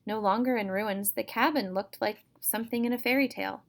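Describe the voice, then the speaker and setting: A woman reads a first-person chapter book aloud for her students. Her delivery is steady and even, with a notably flat, narrow pitch. The sound is a plain home recording. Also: a little fast, vocal fry. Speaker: teacher reading to students.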